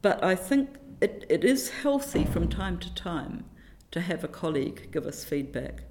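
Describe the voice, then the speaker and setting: A middle-aged woman from New Zealand talks about teaching in a relaxed interview. Her voice sits a little low, and she tells stories in an animated, self-deprecating way, often reaching for a quote or a saying. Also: measured pace, a little hiss or hum. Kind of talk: reflective conversational interview.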